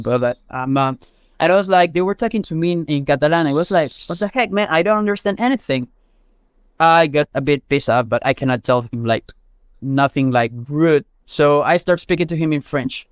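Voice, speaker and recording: A man's voice: on the high side, clean tone, dry recording, studio quality. A man from Mexico whose first language is Spanish, a guest chatting casually and telling stories with lots of fillers and restarts. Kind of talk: casual chat.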